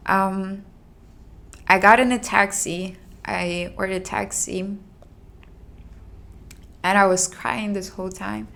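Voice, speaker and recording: Slow, gravelly-voiced young woman telling a story. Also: medium pitch, fairly even intonation. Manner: halting, emotional recounting with restarts and soft sighs. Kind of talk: personal storytelling.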